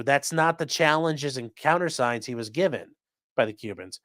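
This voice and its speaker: Animated, profane man hosting a show. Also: on the high side, fairly quick, no room sound, studio quality. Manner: profane, animated, acts out quoted lines. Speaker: host. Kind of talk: casual commentary on news.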